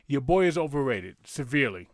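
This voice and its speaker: A man's voice: medium pitch, sing-song, brisk, dry recording, studio quality. A man co-hosting a podcast, reading listener letters aloud and riffing on them with crude, profane, teasing banter. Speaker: podcast co-host.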